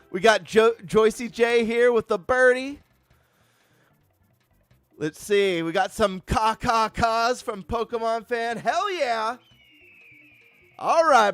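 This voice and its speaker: Excitable guy streaming live, high voice, dry close sound, faint music behind. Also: dry recording. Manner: excitable, hyped, greeting viewers. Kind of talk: casual live-stream chat.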